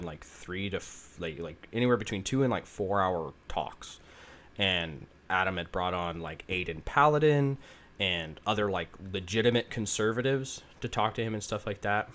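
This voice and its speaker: A man's voice: low-pitched, moderate pace, fairly bright tone. A man hosting a podcast, rambling in casual chat with lots of fillers and swearing. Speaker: podcast host.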